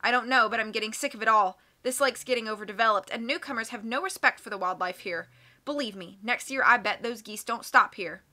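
A woman's voice: fairly high pitch, fairly quick, sharp tone. A woman voicing an irritable middle-aged male researcher who grumbles and complains. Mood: grumbling. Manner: grumbling, resentful.

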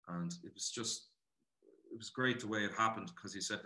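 A man from Ireland giving a casual interview as an actor, animated and chatty, often saying "you know" and calling the interviewer brother. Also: fairly low pitch, fairly quick. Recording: roomy echo.

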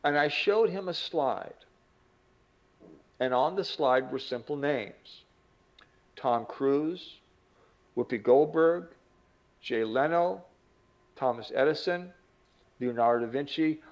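A man's voice: medium pitch, slow pace, long pauses, lo-fi sound. A man teaching a self-improvement lesson as an earnest, vivid storyteller. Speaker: motivational teacher. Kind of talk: storytelling lecture.

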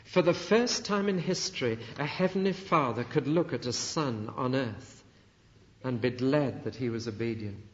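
Earnest male preacher in a reverberant hall. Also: medium pitch. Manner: earnest, emphatic preaching with dramatic pauses. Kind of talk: sermon. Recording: dull archival sermon recording in a reverberant hall.

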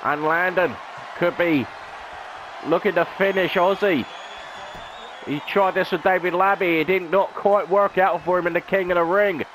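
A man's voice: high voice, normal speed, background noise. A man, a gaming channel host, calling a video game wrestling match play-by-play in a dramatic announcer style with rhetorical questions.

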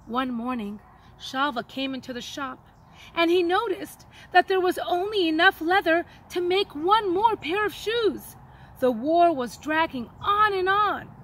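A woman teacher reading a children's story aloud in an expressive, dramatic way. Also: extremely high pitch, a little hiss or hum, low-quality recording.

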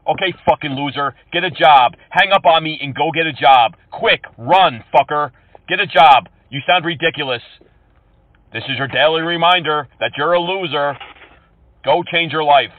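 A man taunting scammers over the phone, swinging between sugary fake politeness and loud insults. His voice sits slightly high for a man. It is recorded dry and sounds thin and phone-like. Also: moderate pace, dry recording. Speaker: scam-baiting prank caller. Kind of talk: prank phone calls. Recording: tinny phone-call audio.

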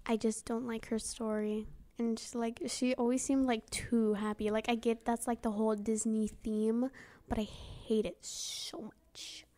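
A woman's voice: fairly high pitch, flat delivery, moderate pace, mellow. A teenage girl chatting casually with friends, hesitant, often trailing off with fillers. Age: teens. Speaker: podcast co-host. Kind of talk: casual chat.

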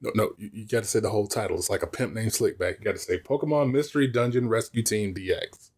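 A man's voice: lowish voice, quick pace, slightly rough. A man co-hosting a let's play, teasing his partner and reading the game's text aloud. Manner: teasing, animated, needling his co-host. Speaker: co-host of a let's play channel. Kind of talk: casual gameplay chat, reading game text aloud.

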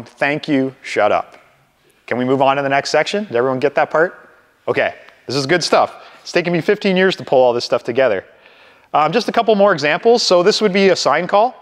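A man leading a live sales training session for a group, coaching in an energetic way and acting out phone calls. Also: a little high, in a large hall. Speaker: real estate sales trainer.

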